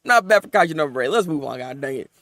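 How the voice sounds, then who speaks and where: A man reviewing anime episodes in casual, animated chat, venting and rambling as he goes. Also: on the high side, dry recording, studio quality. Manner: animated, rambling, quick to vent.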